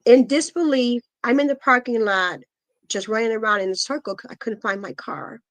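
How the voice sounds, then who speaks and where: A middle-aged woman giving a guest interview, telling a painful personal story in an earnest, halting way full of pauses and fillers. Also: fairly high pitch, dry recording. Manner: earnest, intense retelling. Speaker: guest, asthma foundation founder. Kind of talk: emotional personal testimony.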